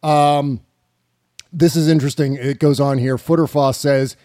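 A man's voice: on the high side, fairly even intonation, a little slow, dark tone, no room sound, clean studio sound. A man hosting a political talk show, reading the news aloud with silly, mocking asides and frequent giggles. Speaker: podcast host.

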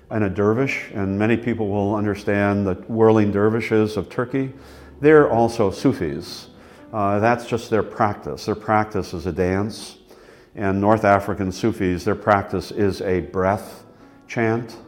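Deep-voiced rambling man in his sixties. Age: 60s. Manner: rambling, relaxed, casual with frequent fillers and "man". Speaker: interviewee. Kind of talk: reflective personal storytelling.

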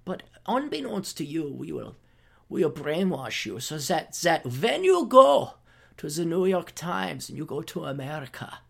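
A man's voice: a little high, big pitch swings, unhurried, creaky, slightly rough, exaggerated voice. Man putting on a sinister brainwashing handler. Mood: mock-sinister. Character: scheming male brainwashing handler, smug and sinister.

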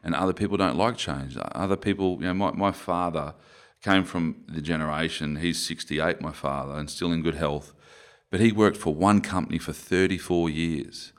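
A man's voice: low-pitched, normal speed. A man in his forties with an Australian accent, telling stories as an interview guest in a rambling, self-correcting way. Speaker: interview guest, former rugby player. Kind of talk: conversational interview.

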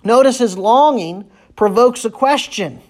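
A man's voice: extremely high pitch, expressive, unhurried. A man preaching a sermon as pastor, earnest and repeating phrases for emphasis.

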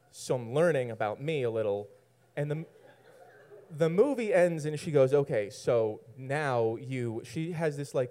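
A man's voice: mid-range voice, a little mellow, smooth. Rambling, self-mocking male storyteller. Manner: rambling, self-mocking, laughs at his own lines. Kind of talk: personal story told to an audience.

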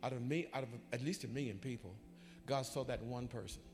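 A man, a bishop, preaching a sermon in church with animated, folksy storytelling that swings up into shouting. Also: mid-range voice, brisk, big-room sound. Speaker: bishop and pastor. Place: church sanctuary.

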